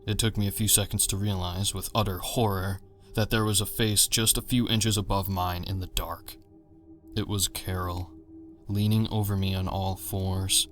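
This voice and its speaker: A man narrating a horror story in a measured, tense manner. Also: low-pitched, fairly bright tone.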